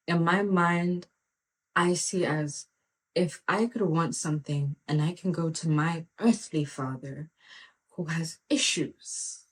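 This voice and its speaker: A woman with a somewhat low voice hosts a podcast and talks casually about faith. She tells stories in a lively, conversational way, often slipping in "like" and "you know". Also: slow, long pauses. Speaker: podcast host and faith mentor. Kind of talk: casual faith talk with storytelling.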